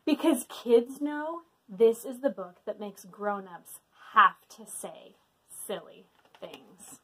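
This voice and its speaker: A high-voiced woman hosts a library storytime and reads a book aloud to children. She swoops all over her range, hamming up playful mock protests. Her delivery is unhurried, with room left for every joke. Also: expressive, pushed and bright, slightly rough. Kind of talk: reading a picture-free book aloud to children.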